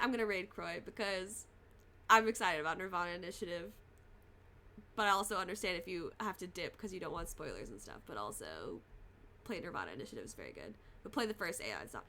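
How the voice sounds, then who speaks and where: A woman's voice: medium pitch, pushed and bright. A young woman streaming a game, talking casually to her chat in a sick, congested voice, tired and apologetic as she holds back a cough. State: fighting a cough. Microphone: desk mic, no camera.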